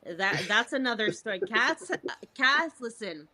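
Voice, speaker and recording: A woman's voice: on the high side, big pitch swings, sharp tone. A young woman, a singer-songwriter guest, chatting casually in an interview, gushing and laughing often. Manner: giggly and gushing, quick to laugh.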